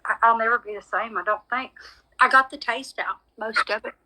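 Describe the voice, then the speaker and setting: A woman's voice: on the high side, fairly quick, pushed and bright, rough recording. A woman with a lot of drama, chatting casually with viewers on a live stream and calling them y'all. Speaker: medium hosting a live stream.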